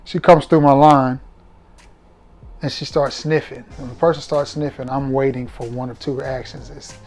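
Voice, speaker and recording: Southern man, fragrance vlogger, mellow tone, cocky but friendly banter, faint music underneath. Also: mid-range voice, level tone, normal speed. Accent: Southern American. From Alabama, USA. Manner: chatty, joking and self-assured. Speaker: fragrance reviewer. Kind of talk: casual storytelling vlog.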